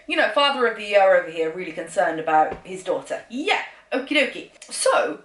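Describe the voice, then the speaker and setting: A woman's voice: medium pitch, big pitch swings, a little fast, fairly bright tone. A woman reviewing a book in a casual vlog, sarcastic and exasperated, with nervous laughter, recorded at home. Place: room at home. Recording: roomy echo.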